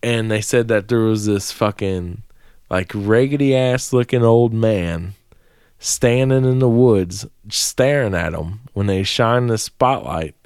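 A man's voice: fairly low pitch, slow pace, a little mellow, clean tone, no room sound. A man co-hosting a podcast, telling a long profane story in casual chat from a small dry room. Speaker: podcast co-host.

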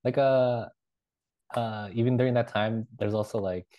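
A man co-hosting a podcast, telling halting, rambling anecdotes in casual chat with laughs. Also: medium pitch, steady tone, dull audio. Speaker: podcast co-host.

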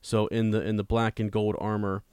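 A man's voice: on the low side, little pitch movement, normal speed, darkish tone, smooth, no room sound. A man co-hosting a podcast, chatting casually about a book and reading passages aloud with frequent restarts. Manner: conversational, repeats words, reads quotes plainly. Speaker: podcast co-host.

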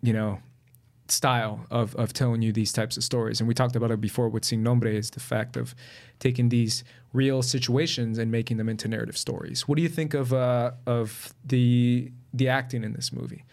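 A man's voice: medium pitch, level tone, normal speed, creaky, a little mellow. A man co-hosting a casual film review chat, talkative and asking his partner questions. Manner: chatty, asks questions, laughs easily. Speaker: film podcast co-host.

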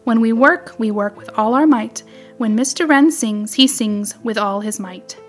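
A woman narrates a children's animal story with gentle, expressive storytelling. Her voice sits fairly high. Soft music plays faintly in the background. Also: normal speed.

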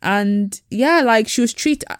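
A woman's voice: a little high, takes it slowly, smooth, no echo, clean studio sound. A woman co-hosting a casual chat podcast, telling stories animatedly and acting out the people she quotes. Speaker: podcast co-host.

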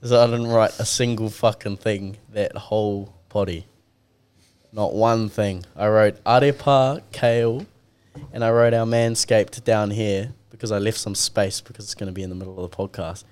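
A young man hosts a casual podcast in a lowish, slightly mellow, clean voice with fairly even intonation and normal speed. Laid-back, he swears a lot and tells stories, acting out the dialogue.

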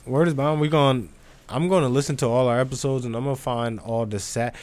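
A man co-hosting a podcast, reacting in casual chat with loud, slangy, laughing jokes and lots of swearing. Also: mid-range voice, fairly even intonation, fairly quick. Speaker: podcast co-host.

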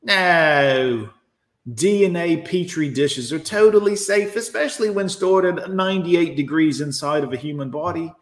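A man rants at his chat in sarcastic, profane bursts as he reacts to posts on a livestream. His voice sits a little high. The room gives it a noticeable echo. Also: normal speed, few pauses, a little mellow. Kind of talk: ranting live commentary.

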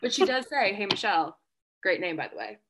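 A woman's voice: medium pitch, very animated, fast, background noise. A woman co-hosting a casual podcast, playfully acting out quotes as she retells them. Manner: playful, quotes others in silly voices. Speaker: podcast co-host. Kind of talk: casual recap chat.

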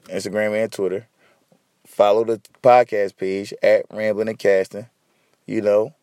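A man's voice: on the low side, level tone, a little slow, mellow, clean tone, no echo, studio quality. A man hosting a podcast alone, sleepy and rambling, swearing loosely as he talks. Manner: profane, loose, tired and rambling. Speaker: podcast host. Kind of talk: casual solo rambling monologue.

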